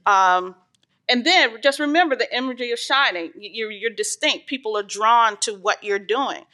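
Leading an informal church Bible lesson, a woman reads scripture aloud and then explains it earnestly, with frequent "um" fillers. Her voice is fairly high, bright, and forceful, at normal speed.

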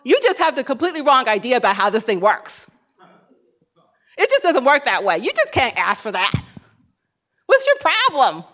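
A woman's voice: high-pitched, huge pitch swings, moderate pace, long pauses, a bit bright, heavily acted. A woman preacher voicing a rude, dismissive female phone agent who scoffs at a caller. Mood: scornful. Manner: scornful, incredulous.

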